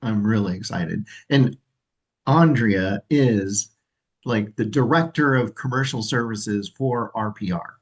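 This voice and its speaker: A man hosts a livestream, upbeat and a bit rambling. His voice sits low, and he fills his talk with ums and uhs. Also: takes it slowly, slightly rough, low-quality recording. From California. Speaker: association president and livestream host. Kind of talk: livestream presentation.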